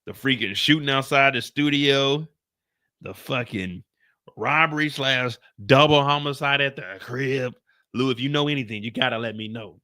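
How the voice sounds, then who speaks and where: A man putting on a worried male record label boss who speaks low and hushed, leaning in. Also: normal speed, dry recording, clean studio sound, close to an everyday voice.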